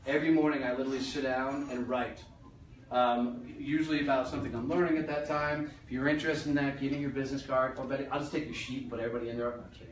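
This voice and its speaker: A man's voice: medium pitch, level tone, fast talker. A man giving a live motivational talk to a small audience, blunt and profane with a joking edge. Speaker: speaker at a business lunch event. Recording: roomy, distant mic, faint noise.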